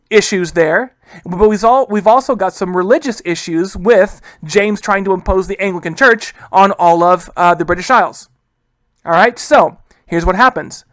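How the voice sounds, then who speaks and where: With a high-sitting, slightly bright voice and no echo, a man teaches history informally and chattily. Rhetorical questions and repeated "guys" mark his delivery, and he dramatizes historical figures through quick quoted asides.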